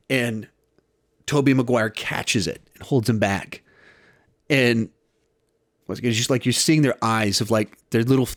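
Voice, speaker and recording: A man's voice: medium pitch, no room sound, studio quality. A young man giving a casual spoken film review, retelling scenes and acting out quoted lines.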